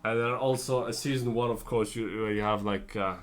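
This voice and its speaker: A tired man giving a casual spoken TV review, rambling with lots of fillers and self-corrections and slipping into quick character impressions. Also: fairly low pitch, fairly even intonation. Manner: breaks into brief character impressions. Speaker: TV show reviewer.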